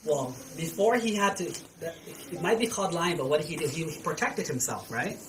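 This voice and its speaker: A man's voice: a little high, moderate pace, a crowd in the background, poor audio. A man, a Buddhist monk, telling a story to children as a sermon and quizzing his listeners with questions. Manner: asks the listeners questions, animated.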